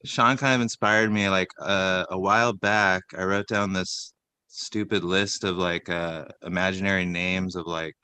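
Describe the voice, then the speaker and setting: Bright, crisp deadpan man reading a list. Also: low-pitched, unhurried, no echo. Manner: rambling, deadpan list reading with many fillers. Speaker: comedy podcast co-host. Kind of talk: casual comedic chat.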